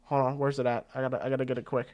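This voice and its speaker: A man with a mid-range voice hosts a fight watch party, talking very fast. His commentary is casual, excitable and rambling, full of slang and frequent "bro."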